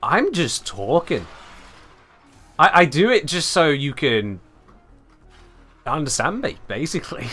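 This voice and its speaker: A male game streamer delivers live commentary in a sharp tone. His pitch swoops high and low like an old-time radio host's.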